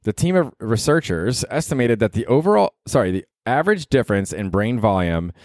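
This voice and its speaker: A man's voice: mid-range voice, sing-song, a little fast, darkish tone, dry recording, studio quality. Casual, rambling man hosting a podcast. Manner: rambling, swears casually, laughs at own jokes. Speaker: podcast host. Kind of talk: casual solo podcast monologue.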